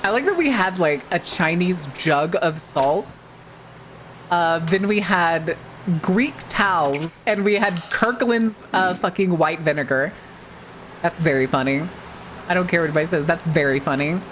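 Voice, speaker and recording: A woman's voice: lowish voice, a little slow, slight background noise. A woman VTuber streamer in casual, rambling live-stream chat, swearing freely and using plenty of filler words.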